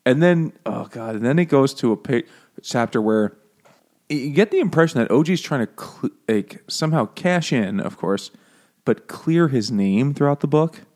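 A man co-hosting a comedic book podcast, talking casually and acting out quoted lines with sudden jumps in his voice. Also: moderate pace. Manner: animated, acts out quotes in jumps of pitch. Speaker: podcast co-host.

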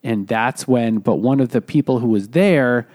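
A man of middle pitch recounts a story in a casual chat. He is halting and full of fillers. His voice sounds close and dry, with no room echo. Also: a little mellow.

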